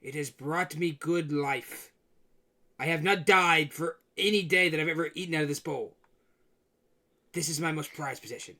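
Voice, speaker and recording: A man voicing a deranged old hoarder who calls himself king, speaking slowly and grandly. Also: a little high, bright, forceful tone. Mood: grandiose.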